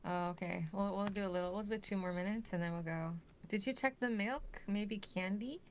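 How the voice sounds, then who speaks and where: A woman's voice: medium pitch, brisk, a little hiss or hum. A young woman streaming a game with a friend, chatting casually and laughing often. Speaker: VTuber streamer.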